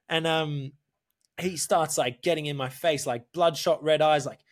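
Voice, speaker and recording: A man telling a story in casual podcast chat, animated, swearing often and calling the listener mate. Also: a little high, moderate pace. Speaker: podcast guest.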